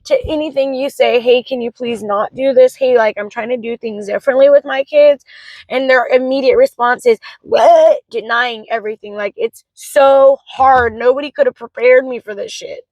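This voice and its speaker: A woman's voice: a little high, normal speed, darkish tone, dry recording, poor audio. A young woman and mother venting in an emotional vlog, talking frankly with plenty of swearing. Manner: vents in a frank, swearing rush. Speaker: vlogger, mother of three.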